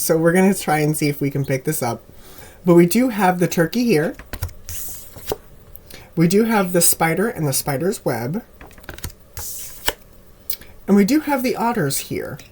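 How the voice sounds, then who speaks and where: A man giving a casual tarot reading to camera in a relaxed, rambling way with frequent ums, his voice a little worn, recorded on a camera mic at home with birds heard behind him. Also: high-pitched, a little hiss or hum. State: slightly losing voice. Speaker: tarot reader. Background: birds chirping.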